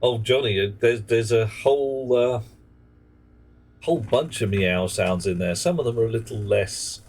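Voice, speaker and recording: A man's voice: medium pitch, normal speed, a little mellow. A man streaming a game live, chatting casually and muttering at in-game objects.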